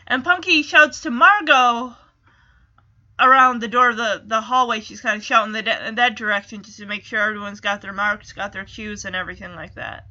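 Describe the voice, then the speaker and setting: Woman doing a casual show recap, high and super bright, kinda dull lo-fi sound. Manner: chatty, lots of "kinda" and "like". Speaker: episode recap host.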